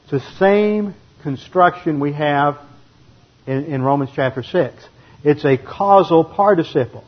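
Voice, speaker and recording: On a dull, lo-fi recording, a man with a slightly high voice and a somewhat slow pace works through the Bible one verse at a time. He reads passages aloud and carefully breaks down their grammar.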